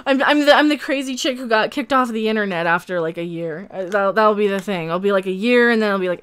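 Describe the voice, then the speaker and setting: A woman's voice: mid-range voice, fast talker, hardly any pauses, a bit bright, smooth. A woman hosting a live stream, chatting casually with her viewers in a rambling, candid way and swearing freely.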